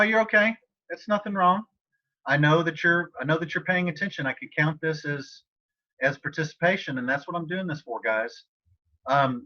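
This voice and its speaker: A man's voice: a little high, pushed and bright. A man teaching a Spanish class over a video call, talking casually and encouragingly to students by name. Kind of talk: online class tutoring session. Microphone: computer mic on a video call. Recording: slightly dull video call audio.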